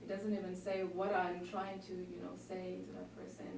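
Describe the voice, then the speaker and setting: A woman's voice: on the low side, moderate pace, vocal fry. Chatty German woman, echoey room. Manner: chatty, animated storytelling, laughs. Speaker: exchange student guest. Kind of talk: casual interview. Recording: echoey room, distant mic, faint noise.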